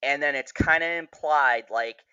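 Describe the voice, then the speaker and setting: A man with a bright, forceful voice rambles through a TV recap, swearing freely and getting worked up. The sound is dry and slightly dull, like a lo-fi home recording. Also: fairly high pitch, measured pace, smooth, no echo. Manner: profane, excitable, rambling. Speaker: TV reviewer. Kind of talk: casual recap review.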